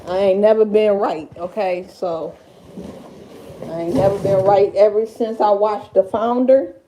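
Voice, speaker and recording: A woman's voice: medium pitch, dark tone, slight background noise, poor audio. A woman with a Detroit accent talking casually on a livestream, blunt, profane and rambling. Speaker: livestream host.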